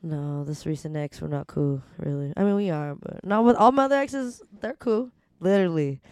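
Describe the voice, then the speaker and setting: Lively, laughing young woman co-host. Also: low voice, normal speed, no echo, clean studio sound. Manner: laughing, reactive, expressive. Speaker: podcast co-host. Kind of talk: casual chat.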